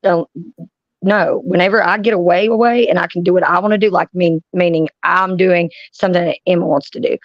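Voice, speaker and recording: A woman's voice: fairly low pitch, steady tone, fast, few pauses, no room sound. A woman, chatting casually with friends as a streamer, blunt and profane as she tells stories. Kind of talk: casual chat. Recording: dry, dull lo-fi sound.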